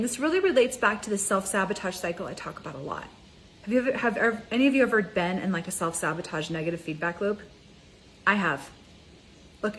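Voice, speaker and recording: A woman life coach giving an energetic, conversational motivational talk, speaking straight to her viewers. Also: mid-range voice, slight background noise, low-quality recording. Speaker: mind ascension coach.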